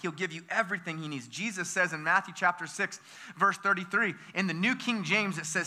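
High, bright-voiced preacher man. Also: brisk. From United States. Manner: energetic, with call-and-response questions to the congregation; repeats words and restarts phrases. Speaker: pastor. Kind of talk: sermon.

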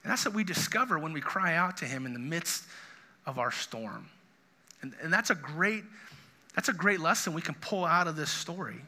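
A man's voice: fairly high pitch, animated, moderate pace, pushed and bright. A middle-aged man, a pastor, preaching a sermon in an earnest, conversational way with frequent restarts.

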